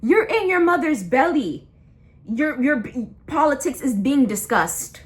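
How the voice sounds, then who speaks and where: A young adult woman vlogger launches into a blunt, impassioned rant, slangy and full of repeats and restarts. Her expressive voice sits high, and she talks a little slowly.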